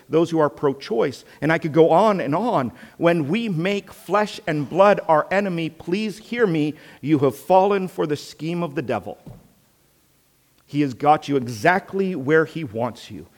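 A man preaching a sermon with earnest rhetorical questions, swinging between loud emphasis and hushed tones. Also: on the high side, in a large hall.

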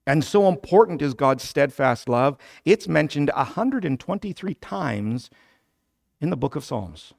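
Guy preaching a sermon, slow and deliberate, gravelly, kinda high voice. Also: lively intonation. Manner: preaching, rising to loud emphatic petitions; explains scripture slowly, then builds to loud emphatic petitions. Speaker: pastor.

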